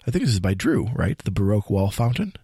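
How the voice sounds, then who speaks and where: A man with a gravelly, creaky voice, recorded dry and close, hosts a casual talk about poetry. He thinks out loud, searching for words and trying out ideas. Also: fairly low pitch, sing-song, fast talker, no room sound. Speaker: poetry discussion host. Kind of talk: casual discussion.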